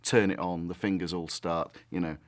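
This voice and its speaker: A man's voice: low voice, steady tone, moderate pace. A man in an interview explaining the effects work in a detailed, technical way. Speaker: effects crew member.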